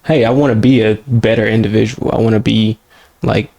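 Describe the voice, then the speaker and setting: A man co-hosting a podcast, talking in a laid-back, halting way. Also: fairly low pitch, steady tone, vocal fry, warm tone. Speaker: podcast co-host. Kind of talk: casual podcast chat.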